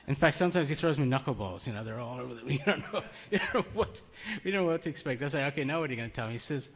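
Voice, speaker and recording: A man gives a relaxed, chatty sermon to a small group in a meeting room. He tells his stories plainly and chuckles between points. His pitch sits in the middle range. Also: fast talker, slight background noise. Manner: conversational, storytelling, chuckles often. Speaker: preacher. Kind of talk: informal sermon.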